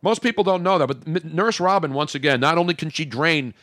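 A man hosting a radio talk show, joking and animated in casual banter. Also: fairly high pitch, fairly quick, no echo, studio quality. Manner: animated, jokey, talks over co-host.

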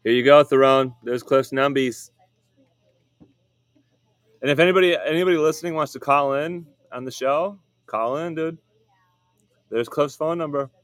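A man's voice: fairly high pitch, moderate pace, pauses often, no echo. A man hosting a podcast in casual chat, laid-back, often saying dude and laughing. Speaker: podcast host.

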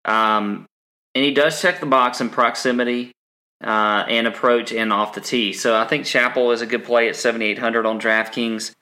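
A man's voice: mid-range voice, steady tone, moderate pace, sharp tone. A man co-hosting a podcast, chatting casually with lots of ums and restarts. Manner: rambling, frequent ums and restarts. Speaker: podcast co-host.

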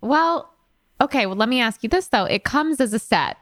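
A woman hosting a casual podcast interview. Her voice sits a little higher than most, and she keeps things light and teasing with her guest. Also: animated, fairly bright tone. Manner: playful and quick to laugh. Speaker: podcast host.

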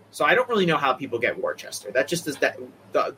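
Bright-voiced man with a Boston accent. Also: medium pitch, big pitch swings, fairly quick, slight background noise, rough recording. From Boston area. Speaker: co-host. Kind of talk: casual wrestling chat.

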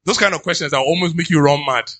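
A pastor preaches with a bright, slightly husky voice pitched a little high. He reads scripture aloud, then bursts into animated asides to his congregation. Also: fast. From Nigeria. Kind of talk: sermon.

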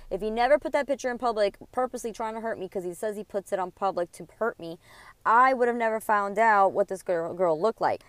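A woman's voice: medium pitch, clear, resonant tone, dry recording. A woman in her thirties hosting a podcast, telling a personal story in a heated, rambling way and swearing often. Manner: profane, indignant, rambling. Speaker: podcast host.

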